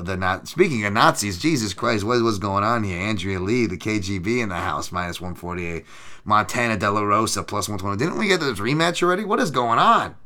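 A lowish, sharp-toned man hosts a podcast, making fight betting picks in a casual, profane livestream chat. His banter is loose and sarcastic, and he reads out messages from the chat.

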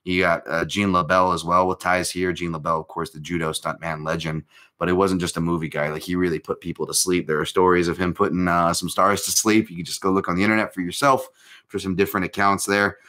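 A man's voice: low-pitched, flat delivery, quick pace, bright, forceful tone. A man hosting a live MMA chat, talking casually in a rambling, self-interrupting way with lots of fillers and self-deprecating jokes.

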